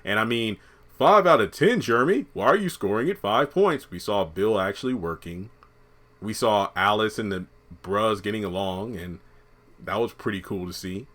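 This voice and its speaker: A man's voice: lowish voice, expressive, moderate pace, fairly bright tone. A man giving a casual, joking review of a TV episode, chatty and loose with some profanity.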